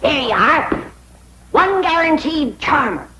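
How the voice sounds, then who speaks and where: High-voiced, bossy old backwoods granny, folksy drawl, hissy sitcom audio. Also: female voice, very animated, takes it slowly, heavily acted. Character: bossy old hillbilly granny who makes charms.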